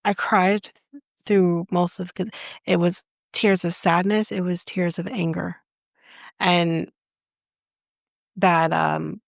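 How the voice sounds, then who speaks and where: A woman's voice: fairly low pitch, flat delivery, slow pace, vocal fry, pauses often, no echo, clean studio sound. A Canadian woman co-hosting a podcast, retelling a story in casual chat in an indignant, impassioned and blunt way. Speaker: podcast co-host.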